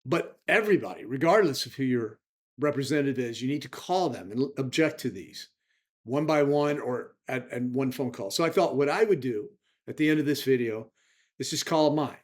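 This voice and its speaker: Male vlog host, middle pitch, indignant conversational commentary to his audience. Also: expressive, moderate pace. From United States. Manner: indignant, chatty, direct to viewers. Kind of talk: casual political commentary to camera.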